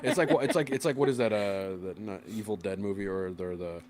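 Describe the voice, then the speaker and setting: A man's voice: fairly low pitch, fairly quick, darkish tone, a little hiss or hum. A man in his thirties with a cold, hosting a casual online chat show in a rambling, swearing way. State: sick with a cold. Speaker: podcast host.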